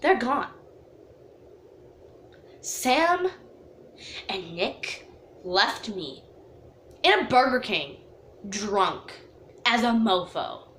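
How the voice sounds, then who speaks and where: A woman telling a storytime vlog story in an animated, dramatic way, full of "like" fillers. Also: on the high side, extremely slow, pauses often, a little hiss or hum. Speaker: vlogger. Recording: echoey room.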